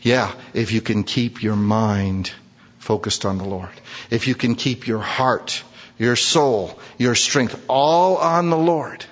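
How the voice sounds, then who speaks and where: A man preaching a sermon, animated, acting out prayers and swinging his voice up high when he voices them. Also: slow. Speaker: pastor. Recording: muffled, with long hall reverb.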